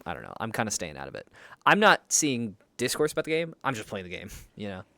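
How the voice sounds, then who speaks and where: A man's voice: lowish voice, wildly swooping pitch, fast, vocal fry, sharp tone, no room sound. A young man chatting casually as a streamer while he plays a game, rambling and swearing freely. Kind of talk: casual gameplay commentary.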